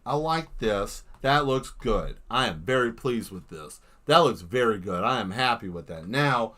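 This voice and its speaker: A man chatting casually on an art livestream while he draws, spinning rambling, animated stories. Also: medium pitch. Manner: rambling, animated storytelling that jumps into silly voices. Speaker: livestream artist. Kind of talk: casual live-stream chat while drawing.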